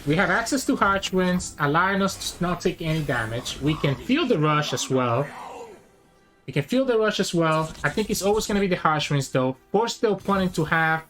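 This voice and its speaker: A man narrating his own card game matches in real time, talking through every decision out loud. His voice rises and falls a lot, full of lively swings in pitch. Faint music plays softly underneath him. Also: moderate pace. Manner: thinks aloud, weighing each play. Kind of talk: live gameplay commentary.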